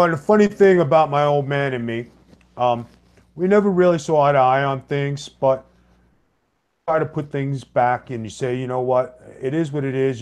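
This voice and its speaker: A middle-aged man telling an anecdote in a plain, blunt way, his voice sitting at an ordinary pitch. He plays both sides of the dialogue in his own voice. It's unpolished and conversational. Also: a little mellow. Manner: plain-spoken, blunt, with mild cursing. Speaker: former pro wrestler and co-host.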